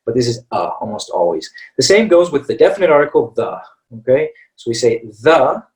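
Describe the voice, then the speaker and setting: A man's voice: mid-range voice, big pitch swings, quick pace, darkish tone. American guy teaching english online, chatty, keeps saying all right, sounds a bit far from the mic. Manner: chatty, repeats words and says "all right" and "okay" often. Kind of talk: live webinar lesson.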